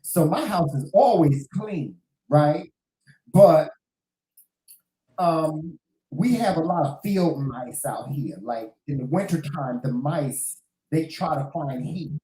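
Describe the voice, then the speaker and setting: Lively man in a roomy room. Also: fairly high pitch, slow. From Southern US. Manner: animated, laughing, addresses viewers as y'all. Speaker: co-host. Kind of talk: casual storytelling to viewers. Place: small home studio next to a bedroom.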